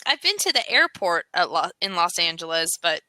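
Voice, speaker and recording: Bright, chatty American woman tutor. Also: lowish voice, sing-song, moderate pace, no echo, low-quality recording. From United States. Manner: chatty, laughs often, gives suggestions. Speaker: online English tutor. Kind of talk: casual conversation lesson.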